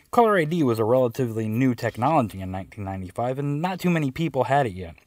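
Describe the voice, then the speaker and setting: A man's voice: mid-range voice, a little mellow, dry recording. A man narrating a personal story in a wry, conversational way.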